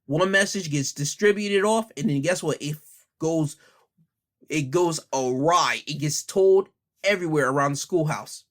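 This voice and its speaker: A man's voice: a little high, a little slow, a bit bright. A man hosting an opinion podcast, heated and blunt, hammering the same rhetorical questions and speaking in casual slang while holding back his anger. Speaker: podcast host.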